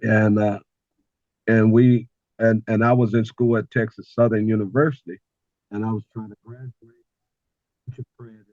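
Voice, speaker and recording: An older man on a video call, telling a personal story as a guest, animated and often repeating words as he restarts. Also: fairly low pitch, moderate pace, long pauses, dry recording, highs cut off.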